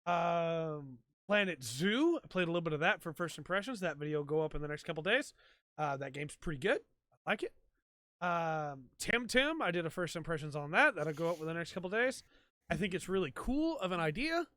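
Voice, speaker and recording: High-voiced man chatting on a podcast. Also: expressive, a little fast, a bit bright, dry recording, clean studio sound. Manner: chatty and rambling, many ums and likes. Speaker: podcast host. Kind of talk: casual solo chat. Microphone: desk mic for a stream.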